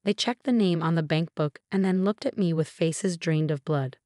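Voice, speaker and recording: Close-miked and dry, with no room sound at all, the recording features a woman in her forties narrating her own story. Her low voice keeps a steady tone and an even, measured pace.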